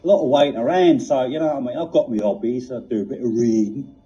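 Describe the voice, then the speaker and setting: A man's voice: medium pitch, fast talker, warm tone, close to an everyday voice. A man voicing a bored, laid-back male talking police box with a Cockney accent, rambling and padding his talk with "you know what I mean". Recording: dull lo-fi recording.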